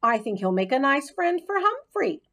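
A woman reading aloud voices a patient but firm schoolteacher who gently scolds her class. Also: high voice, sing-song, voice pushed up, heavily acted. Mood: stern. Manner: brisk, gently scolding teacher voice.

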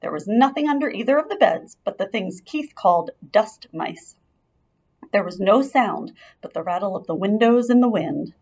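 A woman reading a children's chapter book aloud, her narration full of lilt and swinging pitch. The voice has a gravelly, slightly husky texture, and she shapes each sentence expressively for young listeners. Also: moderate pace. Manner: expressive, lively storyteller. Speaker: audiobook reader.

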